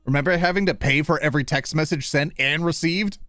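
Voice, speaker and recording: A man's voice: on the high side, fairly quick, bright, forceful tone, dry recording, clean studio sound. A man in his thirties hosting a live stream, playful and self-deprecating, fumbling over names and joking with chat. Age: 30s.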